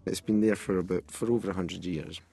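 A man's voice: sits low, fairly even intonation, a little fast, vocal fry, dark tone, breathy edge. A man with a Scottish accent, a musician being interviewed, chatting casually and joking in a loose, playful way. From Scotland. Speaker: musician guest.

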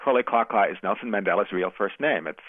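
A man's voice: fairly low pitch, fast talker, dry recording. An American man, an author and former magazine editor, answering interview questions in a reflective, storytelling way. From United States. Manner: reflective, storytelling, with small laughs and restarts. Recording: tinny phone-line sound.

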